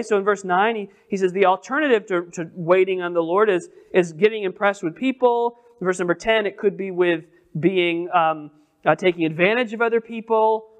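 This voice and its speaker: A man teaches scripture to a small group in a casual, questioning way. He often breaks off and restarts his sentences. His voice sits a little high for a man. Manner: conversational, asks the group questions; halting restarts, many repeated words. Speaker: pastor. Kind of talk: Bible study teaching.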